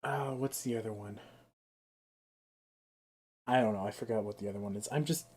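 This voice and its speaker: A man's voice: fairly low pitch, normal speed, darkish tone, breathy edge. A young man with a sore throat ranting and swearing through a casual live-stream of a game. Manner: ranting, exasperated, swears freely.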